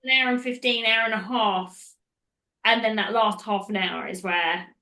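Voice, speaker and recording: A woman's voice: medium pitch, moderate pace, pushed and bright. A woman hosting a podcast, recapping a film in casual, rambling chat that goes off on tangents. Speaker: podcast host.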